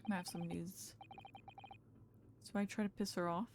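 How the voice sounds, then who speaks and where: A woman's voice: lowish voice, flat delivery, normal speed, slight background noise. A woman live-streaming a game in casual chat, talking with viewers, greeting them and laughing often.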